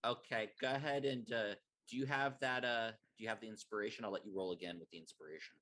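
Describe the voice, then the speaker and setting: A man narrating as game master of a tabletop game, relaxed and halting, with many fillers. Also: fairly low pitch.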